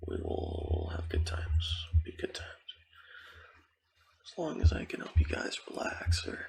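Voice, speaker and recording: A man's voice: medium pitch, big pitch swings, a little slow, creaky, a little mellow. A man whispering ASMR gaming commentary and rambling playfully with goofy asides. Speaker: ASMR gaming channel host.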